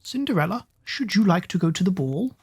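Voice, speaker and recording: A woman voicing a proud, mocking elder stepsister who speaks in a haughty, drawn-out way. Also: fairly low pitch, expressive, a little mellow, breathy edge.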